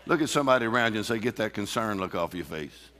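A man's voice: on the low side, lively intonation, fast talker, a bit bright, slight background noise. A man preaching a sermon in a church, emphatic and laughing often as he calls out to the congregation. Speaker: pastor. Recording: reverberant hall.

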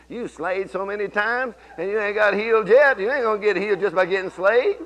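A man's voice: high-pitched, quick pace, few pauses, a bit bright, low-quality recording. A middle-aged man preaching a sermon, telling folksy stories and rising into emphatic bursts.

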